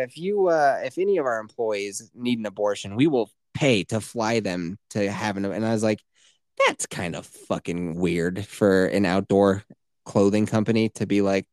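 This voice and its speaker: A male podcast co-host riffs with plenty of swearing and sarcasm, swinging his pitch up and down as he acts out little mocking voices. His voice is close and dry, with no room sound at all. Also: darkish tone, no room sound. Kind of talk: casual podcast chat.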